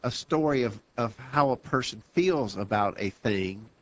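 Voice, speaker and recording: A man's voice: mid-range voice, animated, measured pace, muffled recording. Insistent stammering male radio host. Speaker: radio talk show host. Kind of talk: debating a guest.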